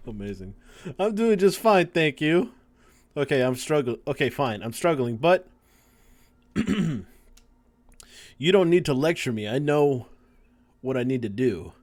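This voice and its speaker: A man's voice: mid-range voice, animated, takes it slowly, pauses often, darkish tone. A male streamer chatting casually through a live game session. He curses freely and stumbles when he reads lines aloud. His voice sits in an everyday middle range. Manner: casual, swears often, stumbles while reading aloud.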